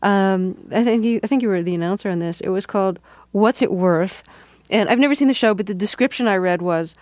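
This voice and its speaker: A woman's voice: medium pitch, a little fast, a little mellow, dry recording. A woman hosting an interview, asking curious, playful questions. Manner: curious, playful, laughs easily. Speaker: interviewer, host. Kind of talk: radio interview.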